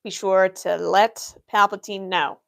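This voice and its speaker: In a slightly slow, steady mid-range voice that is gravelly and fairly bright, a young woman answers chat questions on her livestream. She is role-playing an Imperial office worker, and her humor is dry and matter-of-fact.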